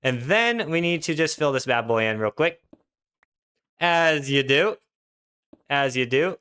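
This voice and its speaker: Streaming a video game, a young man keeps his commentary relaxed and slangy while answering his chat. His fairly high voice is animated, bright, forceful, and clean, and he speaks unhurriedly with long pauses.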